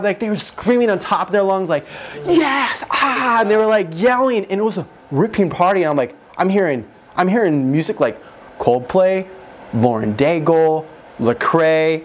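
Excitable young man, slightly high voice. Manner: excited, rushed, fills speech with "like". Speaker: guest telling his near-death story. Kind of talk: emotional testimony in a conversation. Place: room with other men holding mics. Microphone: handheld mic.

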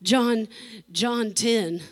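A woman's voice: on the high side, drawn-out words. A woman pastor preaching an emotional sermon, repeating phrases for emphasis and laughing between lines.

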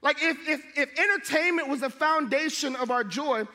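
High-voiced, animated preacher man in a hall. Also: moderate pace. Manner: animated, jokey, acts out voices. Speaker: pastor. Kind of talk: sermon with storytelling.

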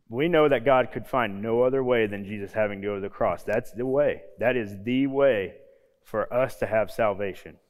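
A man in his thirties, a youth pastor, preaching a casual sermon with homey stories and quiet, low emphasis on key points. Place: church hall. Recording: long hall reverb.

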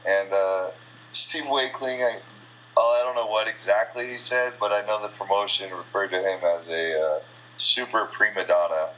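American man, fighter, low forceful voice, blunt trash-talk, dull lo-fi radio sound. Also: normal speed, a little hiss or hum. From USA. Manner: blunt, rambling, trash-talking. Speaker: kickboxing fighter and interim champion. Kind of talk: casual interview answers.

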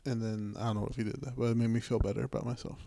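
Guy on a podcast telling stories, lots of cursing, mellow dark voice. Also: mid-range voice, very fast, vocal fry. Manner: profane, animated when quoting people. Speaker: podcast co-host. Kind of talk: casual chat, storytelling.

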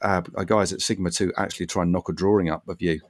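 A man hosting a podcast interview in a relaxed, chatty way, laughing often and calling his guest mate. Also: low voice, quick pace, no echo, clean studio sound. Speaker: podcast host. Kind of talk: casual interview chat.

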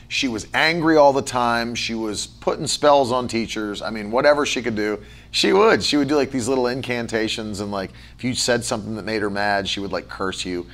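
A man's voice: mid-range voice, fairly quick, few pauses, fairly bright tone. A man preaching a sermon as pastor, moving between a chatty storytelling tone and emphatic, rhythmic lists of repeated words. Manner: conversational storytelling with fillers.

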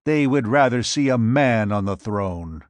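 A hulking usurper warrior taunts and mocks in a gruff voice, as a man puts him on while reading aloud. The pace is slow and weighty. The sound is dry and close. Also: medium pitch, animated, no echo, natural voice. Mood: gruff, taunting. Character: giant male usurper warrior, defiant and mocking. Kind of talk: audiobook narration.

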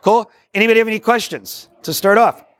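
A man giving a live workshop talk to a group, excitable and rambling, jokey and preacherly, in a meeting room. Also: high voice, fast, no echo. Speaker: workshop speaker on discipleship.

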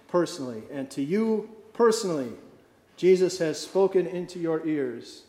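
A pastor delivering a sermon, slow and emphatic, dropping to soft, quiet phrases for effect. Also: male voice, fairly high pitch, roomy sound, in a large hall. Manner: slow emphatic preaching with dramatic drops in volume.

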